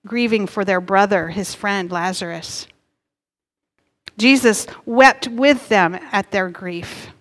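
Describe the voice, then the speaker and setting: A middle-aged woman pastor preaching a sermon in an earnest, gently emphatic way. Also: mid-range voice. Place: church sanctuary. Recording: long hall reverb.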